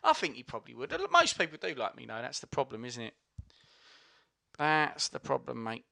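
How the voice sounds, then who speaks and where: A man's voice: medium pitch, wildly swooping pitch, fast talker, vocal fry, bright, forceful tone, no echo, studio quality. A man co-hosting a casual podcast chat, giving wry, easygoing replies. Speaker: podcast co-host.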